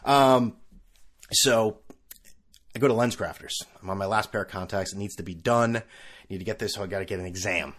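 A man's voice: on the low side, fairly quick, long pauses, fairly bright tone. A man hosting his own podcast, ranting and joking through a solo monologue with sarcastic asides. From California. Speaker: podcast host.

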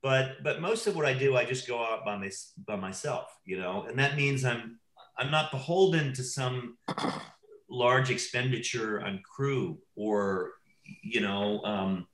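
A man's voice: mid-range voice, measured pace. Rambling storyteller man, echoey room. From Wisconsin. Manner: rambling, self-interrupting, animated anecdotes. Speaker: documentary filmmaker guest. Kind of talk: casual conversational storytelling.

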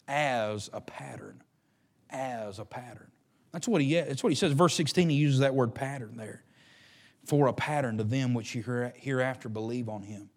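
A man preaching, his voice sitting notably high for a man. He drives his points home through steady repetition, delivering a sermon as pastor to his congregation. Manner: fervent, repetitive preaching with rising emphasis.

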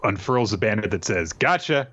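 A man recaps a story casually, rambling and dropping jokey asides. His voice is low and bright, and the recording has a dull, lo-fi sound. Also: normal speed. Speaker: podcast host recapping an anime.

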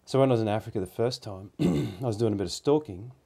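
A man's voice: fairly low pitch, animated, fast, gravelly, dark tone, breathy edge. A man, telling rambling anecdotes in a casual, easygoing podcast chat.

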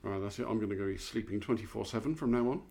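A man's voice: on the low side, rapid-fire, vocal fry, warm tone. A man co-hosting a casual podcast chat, with a dry, self-mocking, wordy humour. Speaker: co-host.

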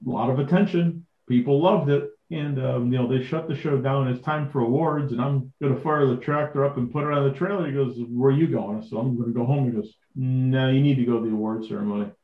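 A middle-aged man, a podcast guest, telling casual stories with lively acted-out dialogue and frequent laughs. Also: mid-range voice. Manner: animated, acts out quoted dialogue, laughs often. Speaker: guest, vintage tractor collector. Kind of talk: casual anecdotal storytelling. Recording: echoey, dull lo-fi audio.

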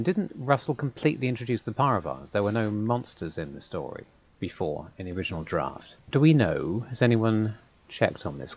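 A man with a fairly low voice holds forth in a relaxed podcast chat, putting his points in long, articulate sentences with a dry, wry edge. His audio sounds slightly muffled and lo-fi. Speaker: podcast co-host, audio drama writer. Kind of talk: casual podcast discussion.

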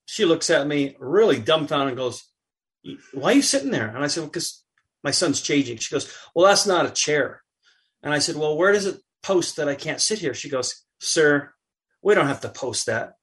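A middle-aged man, a podcast guest, chatting casually and telling an animated anecdote while acting out what others said. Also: a little high. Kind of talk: casual chat, storytelling.

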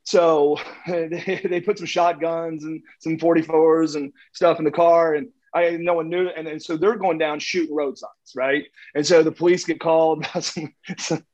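A man telling long, rambling anecdotes as a guest, halting with many fillers and restarts. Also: on the high side, little pitch movement, darkish tone, lo-fi sound.

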